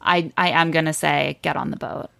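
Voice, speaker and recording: Low, gravelly woman guest. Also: moderate pace, a bit bright, no room sound. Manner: thinks aloud, stumbles over her questions. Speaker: podcast guest. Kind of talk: casual chat.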